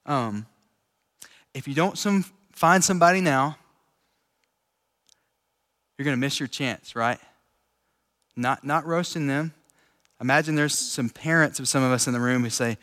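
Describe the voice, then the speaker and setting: A man preaching a relaxed, chatty sermon to a room of listeners, laughing easily as he talks. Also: mid-range voice, measured pace, long pauses. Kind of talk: casual conversational sermon. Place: large room with an audience. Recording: echoey hall with long reverb.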